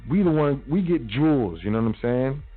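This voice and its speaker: A man's voice: mid-range voice, lively intonation, fairly quick, slightly rough, no room sound. Man talking slangy motivation over tinny audio. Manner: big-brother tone, slangy and repetitive, acts out quotes. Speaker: radio show host. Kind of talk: casual motivational talk.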